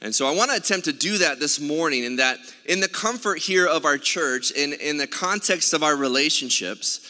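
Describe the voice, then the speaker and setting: Preaching in a church sanctuary, this pastor shares a story in a chatty manner full of filler sounds. His high, bright voice stays animated and forceful at a moderate pace, ringing through the reverberant hall.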